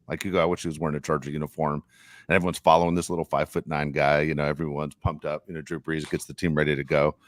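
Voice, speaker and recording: A middle-aged man co-hosting a sports podcast, telling animated stories and acting out quotes. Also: sits low, dry recording. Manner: animated storyteller, acts out quotes. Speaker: podcast co-host. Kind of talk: casual sports chat.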